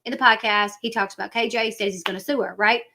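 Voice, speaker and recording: A woman's voice: on the high side, fairly even intonation, quick pace, bright, forceful tone, slight background noise. Woman host, Southern country accent, chatty livestream commentary, rambling delivery. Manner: chatty, rambling, acts out quoted people. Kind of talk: casual livestream chat.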